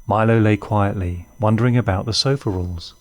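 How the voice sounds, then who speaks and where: A man reading a children's story aloud in an expressive way. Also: lowish voice, brisk. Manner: warm, expressive read-aloud.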